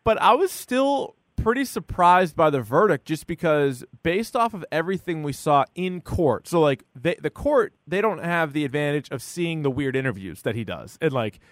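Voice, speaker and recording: A man co-hosting a podcast in casual chat, animated and acting out quotes with a jumpy, high voice. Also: moderate pace, hardly any pauses, dry recording, clean studio sound. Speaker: podcast co-host.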